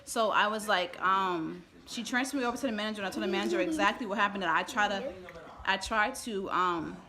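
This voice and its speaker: A woman's voice: medium pitch, brisk, crowd noise. A woman venting on a live stream at home, rambling and upset, with children's voices around her. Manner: rambling, irritated and emotional, with restarts. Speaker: vlogger. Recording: kids chattering in the background.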